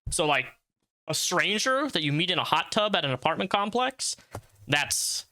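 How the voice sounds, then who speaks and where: A man hosting a casual interview, incredulous and animated, often laughing as he questions his guest. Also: fairly high pitch, moderate pace. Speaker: interviewer, channel host.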